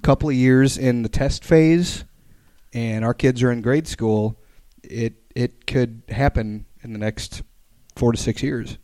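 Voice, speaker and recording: A man's voice: medium pitch, measured pace, no room sound. A man in his thirties chatting on a podcast with a dry, close sound. He teases his co-hosts and jokes with a straight face. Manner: joking, deadpan teasing. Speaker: podcast co-host. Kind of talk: casual chat.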